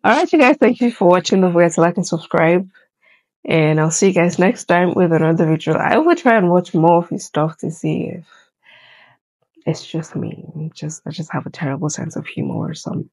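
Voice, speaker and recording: Woman reaction host, husky and gravelly, unhurried and unimpressed. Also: on the low side, darkish tone, no echo, low-quality recording. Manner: unimpressed, hesitant, trailing off. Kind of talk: casual reaction commentary.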